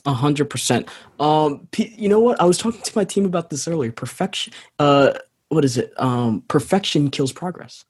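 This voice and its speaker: A man's voice: on the high side, lively intonation, fairly quick, slightly rough. A man co-hosting a podcast, casually chatting and telling a parable, acting out the characters' voices. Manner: storytelling, acts out voices in a parable. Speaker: podcast co-host.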